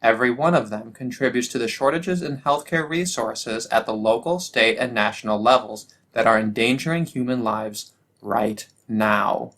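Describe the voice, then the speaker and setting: Young adult man, mid pitch, solo rant host; sarcastic, stumbling restarts. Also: moderate pace, fairly bright tone. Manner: ranting, sarcastic, frequent restarts. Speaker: political commentary host. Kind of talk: solo political commentary.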